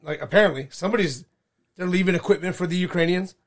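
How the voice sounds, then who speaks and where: A man co-hosting a podcast, excitable, repeating himself and calling people dude. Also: high voice, fast. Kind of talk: casual chat.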